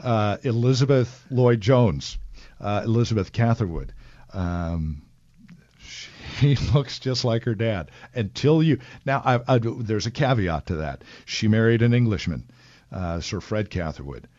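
A man's voice: fairly low pitch, expressive, a little slow, darkish tone. A man hosting a Christian radio talk show, chatty and folksy, who laughs easily. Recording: lo-fi radio broadcast.

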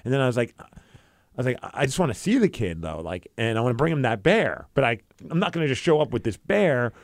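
Radio host guy, earnest storytelling, mid-pitch, dry studio sound. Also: big pitch swings, fast talker, no echo. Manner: earnest and emotional, quoting people in his own voice. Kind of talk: storytelling chat.

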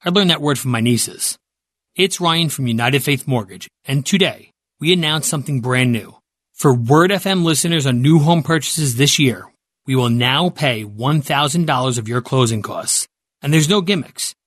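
A man's voice: medium pitch, moderate pace, fairly bright tone, no echo, clean studio sound. A man reading his own company's radio ad in a friendly, persuasive way. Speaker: mortgage company spokesman. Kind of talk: scripted radio ad.

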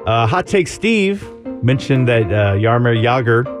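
A man hosting a sports radio show, chatting casually, his voice climbing higher when he gets excited. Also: a little slow, over music.

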